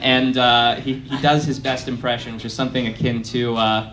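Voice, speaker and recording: A young man doing a stand-up set at a college venue, deadpan and self-deprecating, with lots of fillers. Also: medium pitch, a little fast, few pauses, over a noisy crowd, heavy background noise. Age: young adult. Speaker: stand-up comedian. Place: college performance space.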